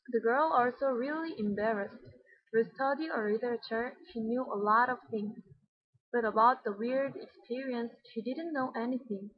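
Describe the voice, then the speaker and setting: A woman's voice: on the high side, moderate pace, slightly rough, lo-fi sound. A young woman whose first language is Mandarin, giving a student presentation in English and repeating film lines after her partner. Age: young adult. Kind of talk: classroom presentation on movie speech.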